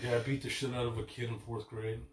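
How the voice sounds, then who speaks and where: A young man co-hosting a rowdy casual chat, loud and swearing a lot. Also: mid-range voice, flat delivery, quick pace, reverberant. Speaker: podcast co-host.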